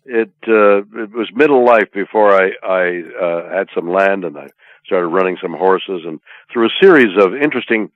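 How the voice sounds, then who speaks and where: An older man from Canada speaks from deep in his chest, pausing over long fillers and turning playful between them. The line is thin and tinny, like a phone call, and completely dry with no room around it. He sounds like a guest chatting loosely with his host. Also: lively intonation, no room sound. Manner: halting, many drawn-out fillers, playful. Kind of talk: casual interview chat.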